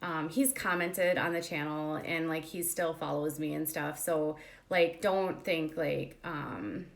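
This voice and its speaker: Low-pitched woman host rambling thru a story, lots of um and like. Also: steady tone, measured pace, creaky. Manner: chatty, many fillers, acts out quoted dialogue. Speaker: commentary channel host. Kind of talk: casual storytelling monologue.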